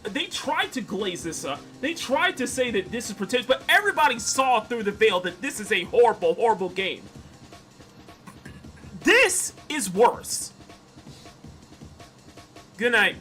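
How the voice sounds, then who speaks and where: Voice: mid-range voice, sing-song, normal speed, sharp tone, faint music behind. A streamer in their thirties ranting heatedly about a game during a stream. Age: 30s. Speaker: gaming streamer.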